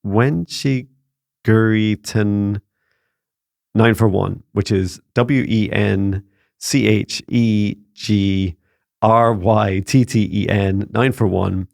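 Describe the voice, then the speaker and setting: A Scottish man with a lowish, gravelly voice answers viewer questions in a relaxed Q&A. He talks in an earnest, halting way, often restarting his phrases. The sound is close and dry. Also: no echo. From Scotland. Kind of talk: casual spoken Q&A.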